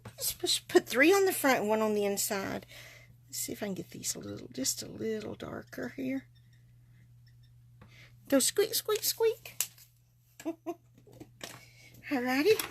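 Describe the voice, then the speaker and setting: A woman's voice: a little high, slight background noise. A woman chatting folksily to viewers as she demonstrates card making live from her craft table. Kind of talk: live-stream craft demo.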